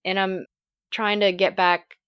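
A woman telling a race story in casual chat, animated and laughing often. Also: medium pitch, unhurried, clear, resonant tone, lo-fi sound. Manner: animated storyteller, laughs often, acts out her own thoughts. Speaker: race participant recounting her race.

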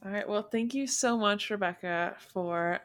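A woman's voice: medium pitch, moderate pace, fairly bright tone. A woman hosting a podcast in a casual, chatty way, her voice nasal and congested from a cold. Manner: chatty, upbeat, giggly. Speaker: podcast host.

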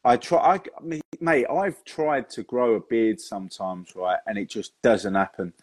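Bloke hosting, husky low voice, dry close sound, calls everyone mate. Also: male voice, moderate pace, no echo. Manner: matey, calls guest "mate". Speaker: host. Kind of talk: casual chat.

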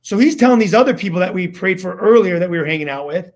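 A man's voice: sits high, lively intonation, fast. A man, a guest on an interview show, telling a story in a casual, slangy way and acting out what people said. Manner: casual slangy, acts out quotes. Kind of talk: animated storytelling testimony.

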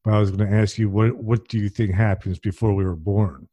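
A low, mellow-voiced man interviews gently, pausing and restarting as he shapes a question. His sound is muffled and dry, as if it came over a dull remote line. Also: fairly even intonation, no echo.

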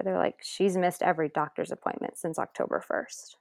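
A woman with a fairly low voice tells a personal story in an interview, earnest and emotional. She slips into quoting other people as she goes. The sound is dry and close, with no room around it. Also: steady tone, brisk, creaky, darkish tone, dry recording. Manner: earnest, re-enacts others' words. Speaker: interview guest.

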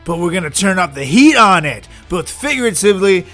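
A man's voice: high voice, big pitch swings, fairly quick, sharp tone, soft background music. A man co-hosting a comedy podcast, joking sarcastically and mock-seriously. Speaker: podcast co-host. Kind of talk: casual comedic banter.

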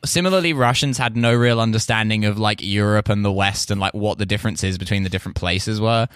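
A man's voice: on the low side, brisk, a bit bright, clear, resonant tone, no echo, clean studio sound. An English man, a comedian guest, telling stories in casual podcast chat, rambling and swearing freely while acting out quotes.

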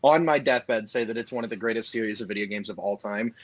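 A young man co-hosting a casual podcast chat, animated and quick to jump in. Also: fairly low pitch, no room sound, low-quality recording. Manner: animated, jumps in and interrupts. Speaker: podcast co-host.

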